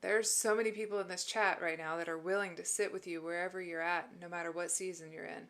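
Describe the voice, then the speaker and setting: This livestream host is a woman whose voice sits on the low side, talking fast with fairly even intonation. Emotional and teary, she warmly reads and answers chat messages, encouraging her viewers about mental health.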